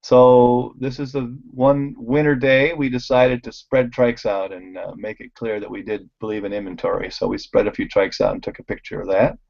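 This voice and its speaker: Lively storytelling bike shop man. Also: mid-range voice, moderate pace, vocal fry, hardly any pauses, lo-fi sound. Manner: animated storyteller, acts out quoted voices, laughs often. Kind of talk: casual storytelling over slides.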